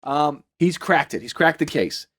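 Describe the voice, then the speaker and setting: A man on a chatty podcast walks through a film's plot scene by scene. His voice sits somewhat high and swings widely in pitch, and he keeps breaking into silly voices when quoting the characters. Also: measured pace. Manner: animated, jumps into silly voices for quotes. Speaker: podcast co-host recapping a film. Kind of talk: casual chat.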